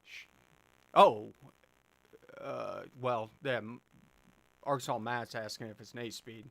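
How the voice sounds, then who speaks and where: A man's voice: mid-range voice, steady tone, slow pace, vocal fry, a bit bright, dry recording. A man hosting a live stream, chatting casually and answering viewer questions with plenty of fillers and restarts. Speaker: livestream host answering chat.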